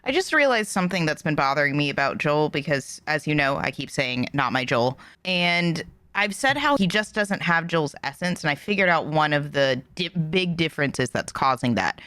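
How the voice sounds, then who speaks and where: A woman hosting a reaction video, giving animated, opinionated commentary that rises when she gets passionate. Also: low voice, no echo.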